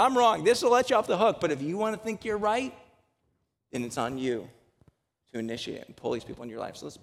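A pastor with a high, gravelly voice preaches a sermon to his congregation, joking conversationally before pressing his point with emphatic exhortation. The recording has a long hall reverb.

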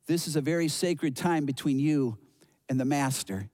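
Gentle guardian angel guy, a preacher dropping his voice for him, calm and reassuring, sermon story. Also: on the high side, normal speed, long reverb tail, voice pushed down, lightly acted. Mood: solemn.

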